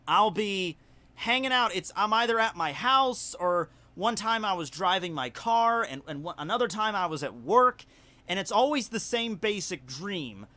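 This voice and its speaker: A man with a Southern US accent, telling a story in casual livestream chat, rambling and animated with lots of fillers. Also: high voice. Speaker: YouTuber hosting a livestream.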